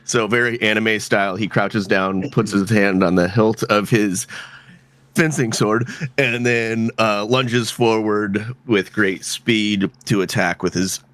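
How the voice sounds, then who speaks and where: A man playing a tabletop game, describing his moves slowly, step by step. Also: fairly low pitch, fairly even intonation, fairly bright tone, no echo. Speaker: player. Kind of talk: casual tabletop game play.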